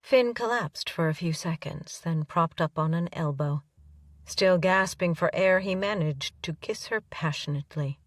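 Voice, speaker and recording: A woman narrating a romance audiobook in an even, unhurried storytelling manner. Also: on the low side, no echo, studio quality, distant mic.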